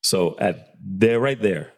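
A man's voice: low voice, lively intonation, slow pace. A man telling a barbershop story in casual chat, acting out the dialogue and swearing freely. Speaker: barber and podcast host.

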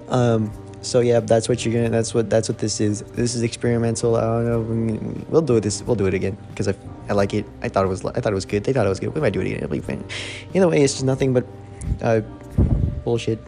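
A man's voice: medium pitch, steady tone, fast talker, creaky, warm tone, faint music behind. A man opening a casual podcast in a rambling, crude, offhand way. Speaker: podcast host.

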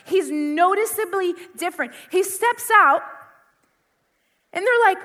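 Woman, youth preacher, very high voice, sharp tone, impassioned, long hall reverb. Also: expressive, moderate pace. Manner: impassioned, conversational, full of repetition. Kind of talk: sermon.

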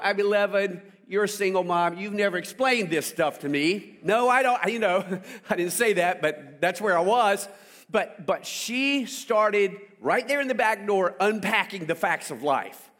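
A man's voice: high-pitched, expressive, a little slow, fairly bright tone. A middle-aged man from South Carolina preaching a sermon in church, telling a childhood story with call-and-response. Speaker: pastor.

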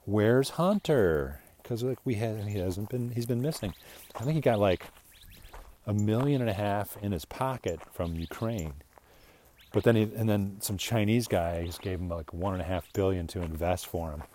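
Older man rambling with low voice. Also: normal speed, dark tone, slight background noise. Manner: rambling, chuckling, slips into mocking voices. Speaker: political commentator. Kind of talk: casual monologue.

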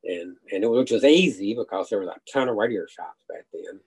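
A man's voice: lowish voice, lively intonation, a little fast, a little mellow, slightly rough, rough recording. Older man telling shop stories. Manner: rambling anecdotes with restarts and acted quotes. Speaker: interview guest, retired radiator salesman. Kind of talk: casual storytelling.

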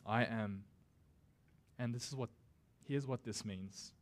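Man, pastor, sermon, casual and conversational, middle pitch, dramatic slow emphasis on quotes. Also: a little mellow. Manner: casual and conversational, with self-deprecating asides.

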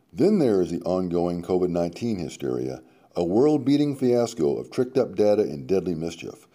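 Man, deep voice, dark mellow tone, very animated delivery, reads aloud with sarcastic asides. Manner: interjects sarcastic asides between quoted passages. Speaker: radio host reading a column aloud. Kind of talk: reading aloud with running commentary.

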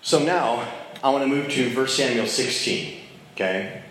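A man's voice: medium pitch, unhurried, a bit bright, a little hiss or hum. A man teaching a casual Bible study, talking conversationally and checking in with his listeners. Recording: very echoey room.

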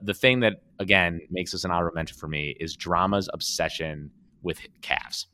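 Brief: low male podcast co-host, animated storyteller, dry close sound. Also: normal speed, dry recording. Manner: animated storytelling, swears, acts out quotes. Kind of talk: casual chat.

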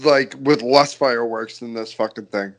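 A man's voice: mid-range voice, fairly even intonation, normal speed. A man co-hosting a podcast in a laid-back, joking, casual way, with some swearing. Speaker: podcast co-host. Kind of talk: casual chat.

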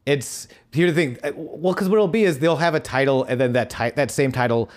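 Male podcast co-host, excitable, stumbling restarts, casual swearing. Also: mid-range voice, brisk. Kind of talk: casual chat about comics.

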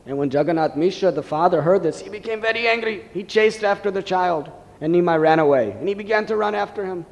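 A man telling a devotional story in a gentle, reverent sermon style. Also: sits high, quick pace, vocal fry. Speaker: preacher. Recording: long hall reverb.

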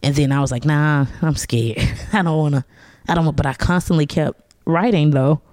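A woman's voice: low voice, brisk, dry recording. A woman in her forties, a stand-up comedian and guest, telling stories in a casual chat, laughing often and slipping into voices. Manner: animated storyteller, laughs often, slips into character voices.

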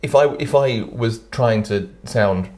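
A man's voice: fairly low pitch, measured pace, warm tone, faint music behind. A young man co-hosting a casual podcast, joking and teasing, stammering now and then. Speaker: podcast co-host. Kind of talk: casual chat.

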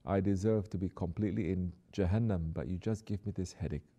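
Man, preacher, sermon, deep, mellow, exhorting. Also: a little fast. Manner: exhorting, swings from soft to emphatic.

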